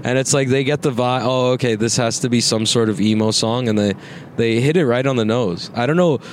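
A young man in his twenties hosts a casual podcast from inside a moving car, speaking briskly in a mid-range voice. He rambles, swears, and laughs a lot, with faint road noise in the background.

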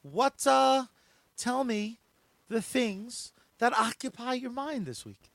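A man co-hosting a podcast, joking around and reading sponsors with excitable bursts of shouting. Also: extremely high pitch, slow pace, gravelly, no echo. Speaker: podcast co-host. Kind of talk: casual chat and sponsor reads.

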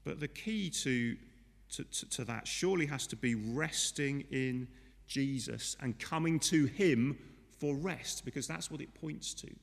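Unhurried and gravelly, a medium-pitched man preaches in church with a big-room sound. He addresses his listeners conversationally and leans on rhetorical questions.

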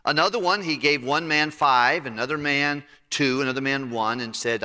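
A man's voice: mid-range voice, normal speed, few pauses, sharp tone. A male pastor preaching a sermon, retelling a scripture story in folksy, plain storytelling. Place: church sanctuary. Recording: long church-hall reverb.

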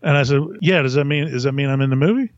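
This podcast host talks fast in a mid-range voice, chuckling often as he rambles through a long, casual story. The recording is dry and comes across dull and lo-fi.

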